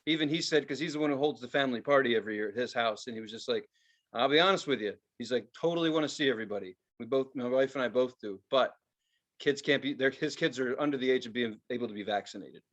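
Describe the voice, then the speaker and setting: A man's voice: medium pitch, fast, lo-fi sound. A young adult man co-hosting a podcast, telling stories in casual chat with lots of cursing and acted-out quotes. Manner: profane, animated storytelling with voiced quotes. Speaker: podcast co-host.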